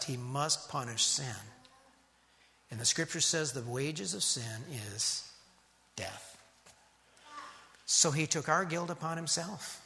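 A man preaching a sermon as pastor, emphatic and rhythmic, dropping to a hush on key words. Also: on the high side, big-room sound.

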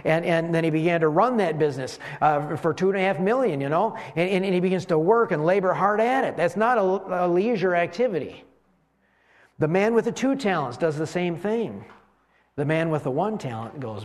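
A man's voice: sits high, expressive, a little fast. A man preaching a sermon in a conversational way, with rhetorical questions and frequent restarts. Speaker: pastor.

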